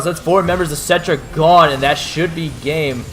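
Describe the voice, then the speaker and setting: A man giving excitable play-by-play commentary as an esports caster, rising to shouts at big plays. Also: fairly high pitch, brisk, hardly any pauses, a little hiss or hum.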